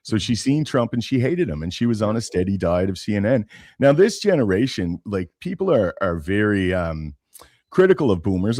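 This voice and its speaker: Man, very low voice, measured, restarts, dry sound. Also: a little mellow, no room sound. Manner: measured, thinking aloud, restarts. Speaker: podcast co-host. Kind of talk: casual political chat.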